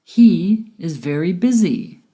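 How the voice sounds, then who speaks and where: A woman with a low, mellow voice teaches a scripted grammar lesson. She speaks slowly and deliberately, and she stretches the rise and fall of her example sentences to show the intonation. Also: expressive, slightly rough. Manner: slow, deliberate, with exaggerated rising and falling example intonation. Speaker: English teacher.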